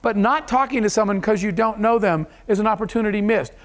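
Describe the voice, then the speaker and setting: A man's voice: high voice, quick pace. A man giving a motivational keynote speech to an audience, telling stories in an earnest, emotional way. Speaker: keynote speaker. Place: event hall.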